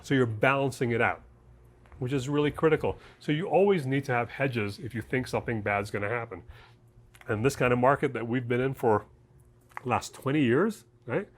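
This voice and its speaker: A man's voice: medium pitch, lively intonation, brisk, husky. A man who co-founded a trading education service, explaining an idea in a casual, chatty way, often checking in with "okay?" and "right?". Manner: uses homely examples and jokes. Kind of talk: casual explainer talk to camera.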